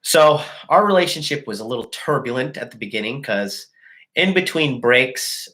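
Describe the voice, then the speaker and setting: Brief: man in his thirties, mid pitch, a livestream host with a casual, crude and boastful way of telling stories. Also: expressive, moderate pace, pushed and bright. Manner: crude, boastful, profane and laughing. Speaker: dating coach host.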